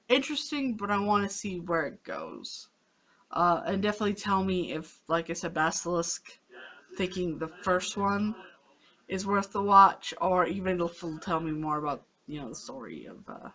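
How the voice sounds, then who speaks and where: A woman's voice: fairly low pitch, very animated, measured pace, a bit bright. A woman giving a casual anime review on her own channel, rambling with many fillers and restarts, a little sleepy. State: sleepy, yawning.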